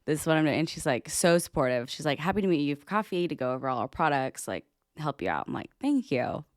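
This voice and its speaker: A woman's voice: sits low, sing-song, quick pace, no room sound, clean studio sound. A young woman co-hosting a podcast in casual chat. She is chatty, says "like" constantly, and acts out the conversations she retells. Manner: chatty, heavy use of "like", acts out quoted conversations. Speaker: podcast co-host.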